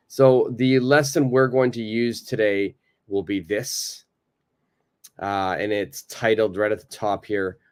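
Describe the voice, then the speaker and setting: A man's voice: on the low side, darkish tone. A man with a North American accent teaching a live online English lesson, patiently repeating phrases for learners to copy.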